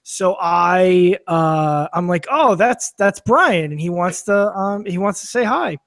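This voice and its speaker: A man's voice: high voice, lively intonation, slow, vocal fry, no echo, clean studio sound. A man telling a long anecdote on a casual podcast, with lots of fillers, restarts and swearing, laughing as he goes. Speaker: podcast guest or co-host. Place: studio filmed for video.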